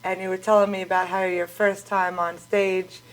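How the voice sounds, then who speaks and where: A woman's voice: medium pitch, flat delivery, normal speed, a little hiss or hum, low-quality recording. A woman co-hosting a casual interview, chatting to lead a guest into a story. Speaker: co-host.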